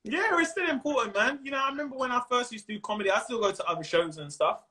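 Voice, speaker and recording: A man with a London accent, chatting casually as a comedian guest, animated and full of slang, often breaking into little character voices. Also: extremely high pitch, quick pace. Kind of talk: casual interview chat. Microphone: Instagram live stream.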